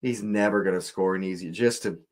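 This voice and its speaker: A deep-voiced man with fairly even intonation reacts in disbelief while hosting a live football watch-along. His delivery is slow, deliberate and exasperated, with repeated phrases.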